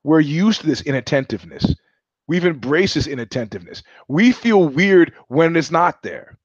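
A man's voice: on the high side, big pitch swings, moderate pace, dry recording, muffled recording. A middle-aged man from New York hosting a live-streamed show, telling stories in a blunt, profane, sardonic monologue. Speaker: host.

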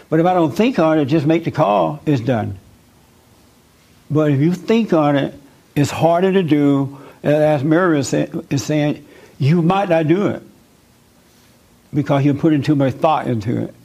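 A man's voice: a little high, moderate pace, creaky, a little mellow, rough recording. A man leading a spiritual discussion group, preaching earnestly and drawing in listeners with repeated questions and emphatic repetition. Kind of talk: interactive sermon with audience questions.

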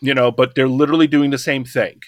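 A man's voice: mid-range voice, flat delivery, fast, no room sound, clean studio sound. A middle-aged man co-hosting a podcast, talking in a casual roundtable discussion, impassioned and rambling with restarts. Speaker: podcast co-host.

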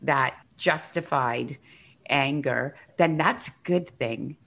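Blunt, low-voiced woman in her fifties. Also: takes it slowly, creaky, fairly bright tone. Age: 50s. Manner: blunt, outspoken, emphatic. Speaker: podcast co-host. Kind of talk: podcast conversation.

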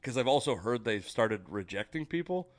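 A man's voice: medium pitch, normal speed. A man from Seattle, a stand-up comic hosting a podcast, telling stories in casual, profane chat. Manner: profane, animated storytelling.

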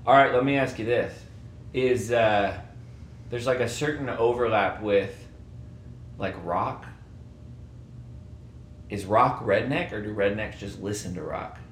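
A man co-hosting a podcast, easygoing in casual chat, chiming in with quick agreement. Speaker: podcast co-host. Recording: roomy sound with faint rumble.

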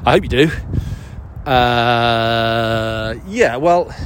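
A man's voice: mid-range voice, drawn-out words, a little hiss or hum. A man chatting casually and out of breath while walking a dog in the woods, rambling, swearing and mocking himself as he answers listener questions.

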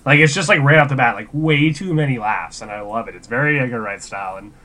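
Bright-voiced man in loose movie chat. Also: mid-range voice, fast. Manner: rambling, full of fillers and "like". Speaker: podcast co-host.

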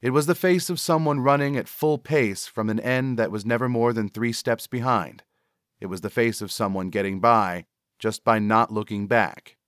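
A man narrating his own story in a steady, measured reading. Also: mid-range voice, clear, resonant tone, no room sound, clean studio sound. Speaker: author and narrator. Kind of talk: scripted narration.

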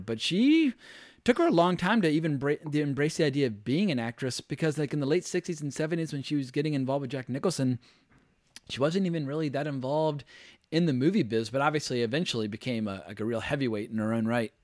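A male podcast host who talks quickly about films, emphatic and opinionated. His voice sits at a middling pitch and is heard close-up and dry, with no room sound at all. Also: darkish tone, no room sound. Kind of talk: casual film discussion.

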